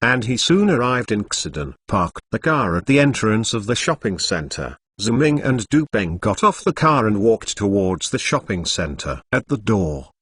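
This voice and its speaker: Lively-pitched male storybook narrator. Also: normal speed, few pauses, slight background noise. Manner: reads punctuation aloud, stilted phrasing. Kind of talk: scripted novel narration.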